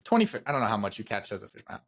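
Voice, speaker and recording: A man's voice: fairly low pitch, big pitch swings, racing. A man co-hosting a podcast in a casual, enthusiastic way, repeating phrases for emphasis. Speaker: podcast co-host.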